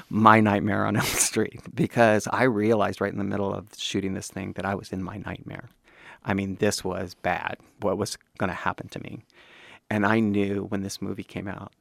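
Actor in his 50s, from Kansas City, emphatic interviewee, gravelly and low. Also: no room sound, clean studio sound. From Kansas City, USA. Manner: emphatic, acts out quoted voices. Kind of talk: candid interview.

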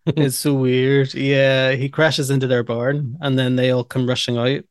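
A podcast co-host with a clear, resonant, medium-pitched voice speaks in a flat, measured way. He chats casually while recapping a movie, laughing and cutting in with his favorite lines. The recording is dry and studio quality.

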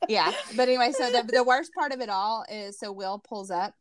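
A woman's voice: fairly high pitch, brisk, no room sound. A woman podcast co-host, a mother, telling a mishap story casually, acting out what others said and laughing along. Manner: animated, acts out quoted voices, laughs through the story.

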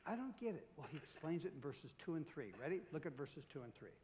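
A middle-aged man preaching a sermon as pastor, in an animated, conversational way. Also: a little high, quick pace, long reverb tail, a little hiss or hum.

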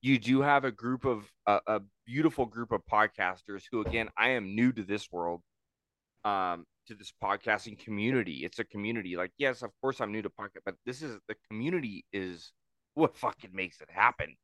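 A man's voice: lowish voice, fairly quick, a bit bright, dry recording. A man talking casually on a podcast, blunt and emphatic, with frequent swearing.

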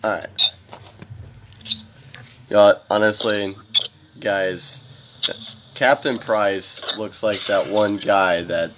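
A man's voice: lowish voice, fairly even intonation, drawn-out words, long pauses. A man hosting a podcast while gaming, joking crudely and swearing as he mocks things around him. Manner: profane, mocking, joking. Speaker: podcast host. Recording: loud background noise.

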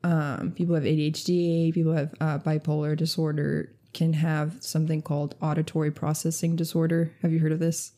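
A woman co-hosting a podcast, chatting casually and telling animated stories, acting out what people said. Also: low-pitched, fairly quick, few pauses. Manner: animated storyteller, acts out quotes. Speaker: podcast co-host. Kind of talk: casual chat.

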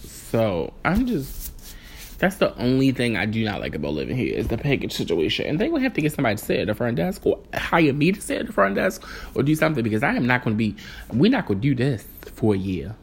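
A male vlogger with a mid-range voice talks fast, with vocal fry and a breathy edge. In a casual vlog he tells a rambling, exasperated story, acting out the people in it and dropping voiced asides along the way.

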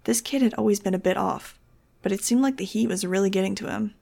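A woman reads a novel aloud into a home microphone, her voice carrying a gravelly fry at mid pitch. She narrates in the first person with an expressive, wry touch. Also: fast. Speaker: audiobook reader.

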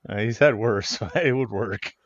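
A man's voice: on the low side, a little slow, a little hiss or hum. A man co-hosting a podcast in laid-back, profane banter, laughing often, heard over a dull lo-fi online call. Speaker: podcast co-host. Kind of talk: casual banter.

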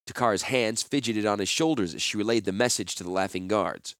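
A man narrating a fantasy novel chapter in an expressive storytelling manner. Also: on the low side, fairly quick, no echo, studio quality. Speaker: audiobook narrator.

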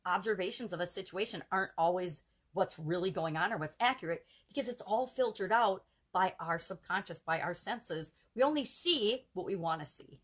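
Earnest woman coaching, slightly low voice. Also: husky. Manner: earnest, conversational, lists examples in rhythmic runs. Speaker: self-help challenge coach. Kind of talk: live video coaching talk.

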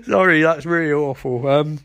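A man's voice: fairly high pitch, fairly bright tone, no echo, studio quality. A man giving a rambling, jokey recap of a TV episode. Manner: rambling, jokey, laughs at own jokes.

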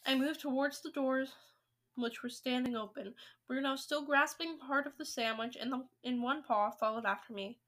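A woman reads a children's novel aloud in a lively, expressive manner. Her voice sits high and sounds bright and crisp, suited to a storybook. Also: normal speed. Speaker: reader.

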